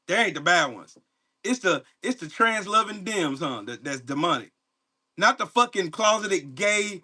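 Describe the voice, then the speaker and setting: Dude yelling at his livestream chat, swears nonstop, mocking, aave, high bright voice. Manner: profane, mocking, confrontational. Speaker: livestream host. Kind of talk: angry political rant to live chat.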